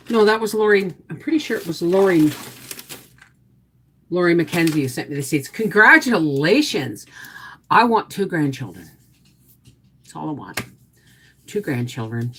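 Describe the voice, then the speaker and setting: A middle-aged woman hosting a casual live chat, cooing at her dog in a high baby voice between chatty talk to her viewers. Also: a bit bright, husky. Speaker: homestead livestream host.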